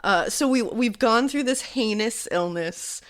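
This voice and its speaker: A woman's voice: on the high side, lively intonation, a little slow. A woman in her thirties co-hosting a podcast, chatty and laughing often, a little stuffed up from a cold. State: slightly stuffed up from illness. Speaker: podcast co-host. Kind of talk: casual chat.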